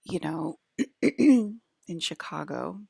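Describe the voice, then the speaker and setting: Low creaky young woman just rambling at the camera, like, tons of fillers, dry room. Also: animated, extremely slow, warm tone, dry recording. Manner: rambling, filler-heavy, lots of "like". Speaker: vlogger. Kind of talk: casual rambling monologue.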